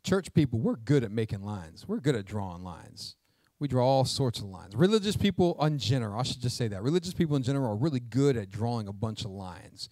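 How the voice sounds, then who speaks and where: A man's voice: mid-range voice, very animated, fairly quick, a little mellow, no echo, studio quality. A male pastor preaching a sermon, emphatic and asking the congregation questions.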